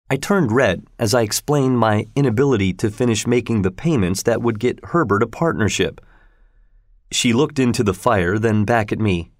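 A man's voice: on the low side, no echo. Man reading a storybook, dry voice. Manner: steady, measured first-person storytelling. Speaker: narrator.

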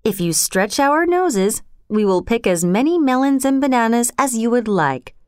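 A polite, patient father elephant from a children's storybook, as a woman reading aloud puts him on. He coaxes gently in a smooth, clear voice. The sound is close and dry. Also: a little high, expressive, moderate pace, no echo, pitched above the performer's own voice, natural voice. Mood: coaxing.

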